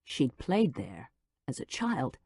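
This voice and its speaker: A woman narrating an audiobook in a measured, low-key manner on a close studio mic. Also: sing-song, dark tone, slightly rough. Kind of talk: scripted narration.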